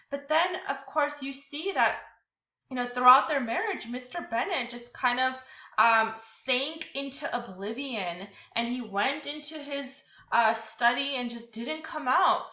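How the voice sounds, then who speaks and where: A woman's voice: sits high, sharp tone. Chatty woman tutor, echoey dull recording. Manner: chatty, many fillers and restarts. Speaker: literature tutor. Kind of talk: casual lecture over slides. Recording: echoey room, dull lo-fi sound.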